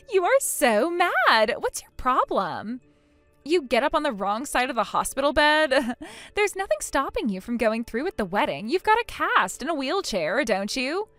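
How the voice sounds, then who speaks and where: A snide young woman sneers and snickers in a high, bouncy voice. Her taunts swing up and down, recorded dry and close with faint music underneath. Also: big pitch swings, normal speed, a bit bright, no echo. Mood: mocking. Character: mocking spiteful young woman, the groom's sister. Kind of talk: text-message story voice acting.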